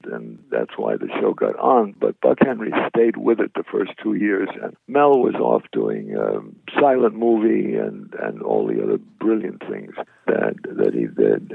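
An older man, an actor, telling lively anecdotes about his career in an interview, acting out the voices of people he quotes. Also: lowish voice, no echo. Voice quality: gravelly. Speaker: actor guest. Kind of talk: storytelling interview. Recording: dry tinny phone-line radio audio.

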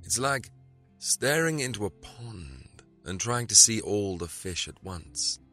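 A man voicing a tired, headachy screenwriter husband who grunts and speaks quietly. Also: lowish voice, expressive, takes it slowly, soft background music, full character voice. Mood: weary.

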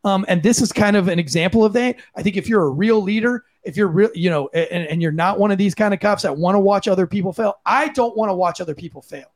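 Male podcast co-host, ex-cop, blunt profane rant, high-pitched voice. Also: fast talker, hardly any pauses. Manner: blunt, profane, impassioned ranting. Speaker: podcast co-host, former police officer. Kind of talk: heated opinion commentary.

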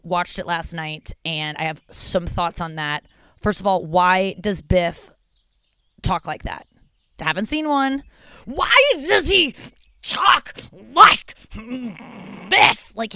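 A young woman hosts her own podcast in a loose, rambling comic monologue, crude and candid. Her voice is smooth and resonant, and the sound is dry and close, with no room around it. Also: medium pitch, no echo. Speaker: podcast host. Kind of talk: casual comedic monologue.

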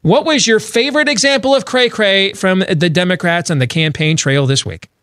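A man hosts a talk radio show. His voice sits a little high and he argues in a brash, rambling way. The sound is close and dry, with no room around it. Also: normal speed, fairly bright tone, no echo. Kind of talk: talk radio commentary and ad read.

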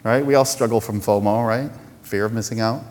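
A male pastor preaching a sermon in a lively, conversational way, poking fun at himself and acting out little voices. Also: lowish voice, a little fast, long reverb tail.

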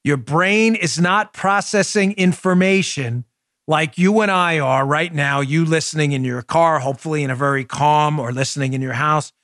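A forceful man in his forties speaks with a Queens, New York accent. His voice sits a bit high and comes across dry and close on a studio microphone. He drives his political commentary with loud emphasis and pointed rhetorical questions. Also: moderate pace, no echo. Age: 40s. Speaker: podcast host.

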